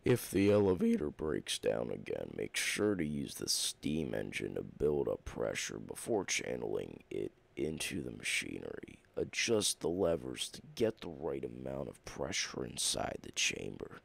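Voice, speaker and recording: A man voicing a menacing old male sci-fi emperor in a deep gravelly growl, reading game notes in that voice. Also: very animated, measured pace, few pauses, exaggerated voice.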